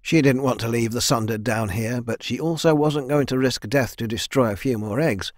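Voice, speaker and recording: In a clean, dry studio recording, a man with a medium-pitched voice reads a fantasy audiobook. His scripted narration is even and measured, in a steady storytelling style.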